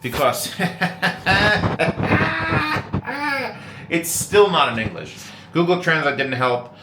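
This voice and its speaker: A man's voice: mid-range voice, lively intonation, moderate pace, gravelly, heavy background noise. A man hosting a casual vlog from a hotel room, rambling wryly and swearing often. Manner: rambling, profane and wry. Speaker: vlogger host.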